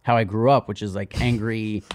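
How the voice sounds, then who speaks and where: A man's voice: on the low side, fairly even intonation, moderate pace, a little mellow. A man chatting as a podcast guest, rambling with lots of "like" and acting out little quotes. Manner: rambling, frequent "like", acts out quotes. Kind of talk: casual chat.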